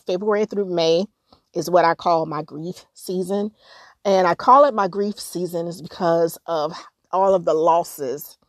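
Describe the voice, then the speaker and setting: A middle-aged woman from North Carolina hosts her podcast in a candid, conversational voice that sits on the low side. She breaks into animated bursts now and then. The recording is dry and close. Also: no room sound. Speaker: podcast host. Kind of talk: personal storytelling podcast.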